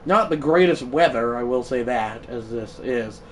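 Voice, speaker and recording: A man streaming a baseball video game live, chatting loosely and bursting into shouted play-by-play calls. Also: medium pitch, a little slow, distant mic, slight background noise, rough recording. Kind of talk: live gaming stream commentary.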